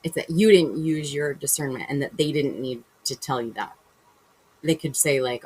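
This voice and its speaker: A vlogger offers a rambling, chatty spiritual monologue straight to camera, with fillers, self-corrections and imagined dialogues acted out. The mid-range voice, a little mellow, keeps a moderate pace; the rough recording carries a little hiss or hum.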